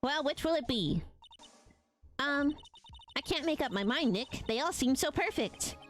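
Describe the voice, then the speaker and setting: A woman's voice: high voice, animated, unhurried, soft background music, voice pushed up. A woman voicing a bubbly young girl sidekick while reading game dialogue aloud, in a gushing, indecisive way.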